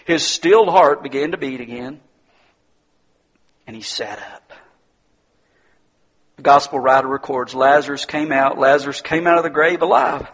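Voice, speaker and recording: Guy preaching a sermon, bit husky and high-ish voice, goes from quiet to booming. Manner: dramatic storytelling, swings from hushed to loud.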